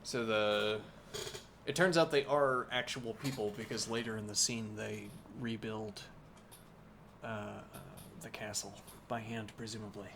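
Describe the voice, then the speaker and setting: A man reading a classic novel aloud as a bedtime story on a live stream, pausing now and then for unhurried, musing asides to his viewers. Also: lowish voice, fairly even intonation, vocal fry, noisy background.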